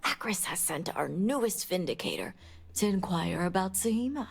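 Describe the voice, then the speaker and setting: A secretive noble elder. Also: female voice, medium pitch, sing-song, creaky, slightly rough, full character voice. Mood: stern. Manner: measured, formal, secretive. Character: female noble elder, guarded spymaster. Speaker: game character.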